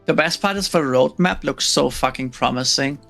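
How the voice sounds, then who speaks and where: A woman's voice: low voice, moderate pace, gravelly, a bit bright, soft background music. A woman streamer hosting a casual gaming chat, laid-back and tired, who swears casually. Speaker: streamer host.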